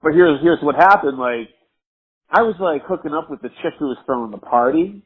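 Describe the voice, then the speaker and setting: A man's voice: on the high side, animated, a little fast, slightly rough. Drunk man rambling over a phone line. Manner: rambling, profane, laughing often. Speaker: caller telling a story. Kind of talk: casual storytelling over the phone.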